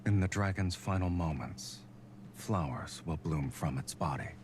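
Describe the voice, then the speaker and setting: A man voicing a calm, teasing male love interest in an otome game, speaking softly. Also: low-pitched, measured pace, a little hiss or hum. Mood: tender. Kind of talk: voiced game dialogue.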